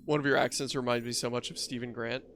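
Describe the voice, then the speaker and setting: A man's voice: mid-range voice, fairly even intonation, fast talker, fairly bright tone, a little hiss or hum. A man casually chatting with his viewers while playing a game, joking and self-deprecating. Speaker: game streamer. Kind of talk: casual live-stream chat.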